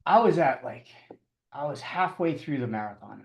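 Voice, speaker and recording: A middle-aged man telling his story as a podcast guest, halting and restarting often, with chuckles. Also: a little high, expressive, echoey room. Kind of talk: casual storytelling interview.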